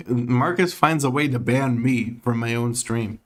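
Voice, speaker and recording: A man's voice: medium pitch, slow pace. A man streaming from home, chatting casually with his audience, laid-back and laughing often as he reads chat aloud.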